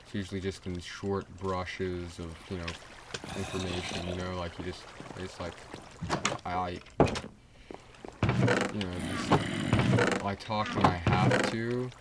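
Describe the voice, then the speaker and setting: Low-voiced young man rambling over game noise. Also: level tone, unhurried, pauses often. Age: teens. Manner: rambling, full of fillers and restarts. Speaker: streamer. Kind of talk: rambling gameplay livestream chat. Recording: loud background noise.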